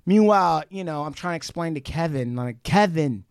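Animated swearing man on a podcast. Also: a little high, moderate pace, clean tone, dry recording, clean studio sound. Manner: animated retelling, swears freely, many restarts. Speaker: podcast co-host. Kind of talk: casual podcast chat.

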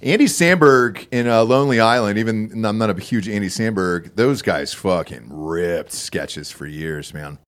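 A man hosting a podcast, chatting casually, swearing freely and reacting loudly. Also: on the low side, normal speed, few pauses. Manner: loose, swearing, animated reactions. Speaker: podcast host. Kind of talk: casual chat.

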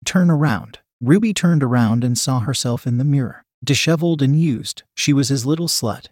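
Male narrator for adult fiction: medium pitch, steady unhurried read, dry booth sound. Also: no echo.

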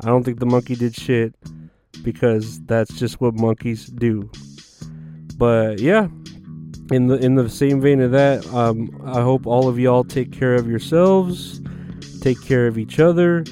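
A man's voice: medium pitch, fairly even intonation, measured pace, warm tone, faint music behind. A man hosting a podcast in a casual, rambling, profane monologue full of filler words. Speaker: podcast host.

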